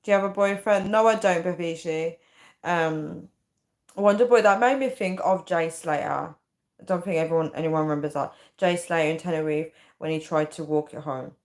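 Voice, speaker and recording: A woman's voice: fairly low pitch, normal speed, a little mellow. A woman in her thirties, tired and chatty, reading out comments on a casual live stream. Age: 30s. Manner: chatty and giggly, often breaking into laughter. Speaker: livestream host.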